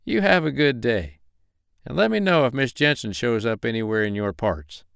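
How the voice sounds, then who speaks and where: A man's voice: mid-range voice, animated, normal speed, gravelly, a bit bright, clean tone, no room sound, studio quality. A man voicing a curt, scheming city detective. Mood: guarded. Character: corrupt scheming male big-city detective.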